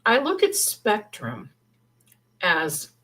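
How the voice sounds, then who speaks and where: A woman's voice: medium pitch, huge pitch swings, drawn-out words, pushed and bright, low-quality recording. A middle-aged woman hosting a livestream, chatting in a rambling, casual way and thinking aloud. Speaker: livestream host.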